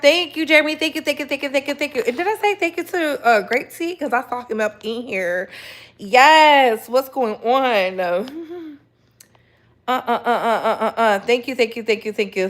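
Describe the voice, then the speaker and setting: A woman's voice: on the high side, a bit bright. A woman hosting a casual gossip livestream, chatting and greeting viewers by name, often repeating phrases. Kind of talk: casual live chat.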